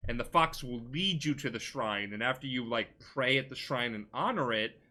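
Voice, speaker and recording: A man's voice: medium pitch, animated, normal speed, pushed and bright. A tipsy man hosting a podcast, rambling through a video game story in a casual comedic retelling, swearing often and restarting words. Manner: rambling, swears a lot, restarts mid-word.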